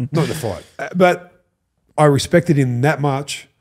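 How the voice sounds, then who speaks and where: A man's voice: fairly high pitch, unhurried. Australian man telling stories. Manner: animated storyteller who acts out quotes, swears and laughs. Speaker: podcast guest, former rugby league player. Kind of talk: casual storytelling chat.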